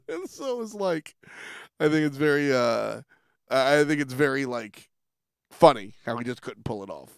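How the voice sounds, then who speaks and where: Casual stream host: a man with a gravelly, resonant voice, rambling and chatty, on a dry close mic. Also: mid-range voice, expressive, moderate pace, dry recording. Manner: rambling, restarts often, laughs between thoughts. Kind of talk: casual livestream chat.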